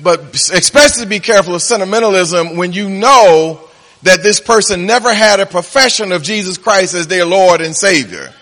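A man preaching a sermon as pastor, swinging between soft, slow reflection and loud, laughing punchlines. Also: sits high, animated, long reverb tail.

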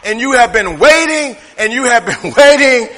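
Man, pastor, sermon, bright tense voice, reverberant church hall, loud-to-hushed delivery. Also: extremely high pitch, animated, normal speed. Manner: humorous, conversational preaching that swings from loud to hushed. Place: church sanctuary.

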